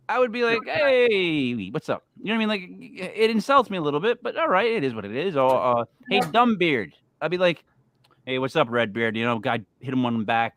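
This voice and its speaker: A man's voice: on the high side, fairly bright tone, no room sound. A man hosting a casual podcast chat, talking emphatically and repeating words as he makes his point. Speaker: host.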